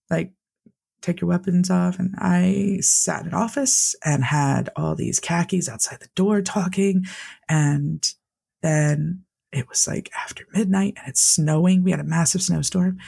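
A man with a gravelly edge to his voice speaks as an interview guest. He talks candidly and earnestly, filling his sentences with "like" as he tells a personal story. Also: sits high, warm tone. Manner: earnest, heavy use of "like" fillers. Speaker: interview guest, Navy veteran.

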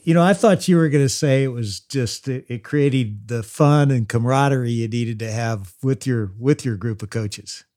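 A man's voice: medium pitch, moderate pace, hardly any pauses, a little mellow. Male podcast host, conversational interviewer, mid-range voice. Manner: conversational, asks questions. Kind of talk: interview questions.

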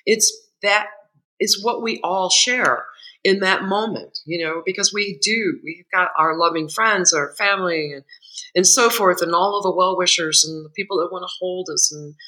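A woman's voice: fairly low pitch, moderate pace, poor audio. A woman co-author chatting casually, telling stories and laughing often. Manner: laughs often, lively storyteller. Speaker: co-author guest. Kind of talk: casual conversational storytelling.

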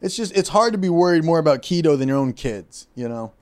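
A man's voice: fairly high pitch, lively intonation, fast talker, a little mellow. A young adult man co-hosting a comedy podcast, chatting casually and breaking into silly character voices. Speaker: podcast co-host.

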